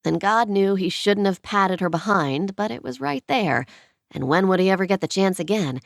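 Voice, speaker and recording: A woman narrating a romantic comedy audiobook in an even storytelling manner. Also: mid-range voice, normal speed, creaky, no room sound, studio quality. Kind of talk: scripted narration.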